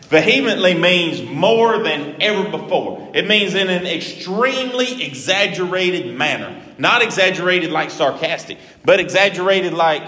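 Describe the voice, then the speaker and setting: A man preaching a sermon, lively and acting out the scripture he quotes. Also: a little high. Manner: animated, acts out scripture quotes. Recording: echoey hall with long reverb.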